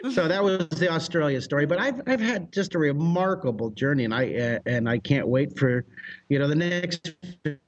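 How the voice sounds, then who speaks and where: An American man with a husky, slightly breathy voice pitched a little above the usual for men. He is a drawing teacher who tells his stories with exuberant energy, breaking into laughs and shouted sound effects. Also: animated, normal speed. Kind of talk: animated storytelling.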